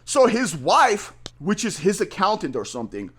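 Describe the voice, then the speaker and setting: A man's voice: sits high, huge pitch swings, normal speed, fairly bright tone, breathy edge. A man who owns a small business tells a story casually, repeating himself and using slang like "bro" and "man".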